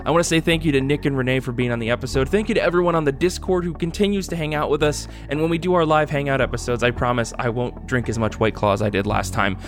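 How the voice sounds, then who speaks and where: A man's voice: medium pitch, fast talker, hardly any pauses, soft background music. Laid-back male podcast host. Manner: relaxed, laughing, loose and self-mocking. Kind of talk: casual chat.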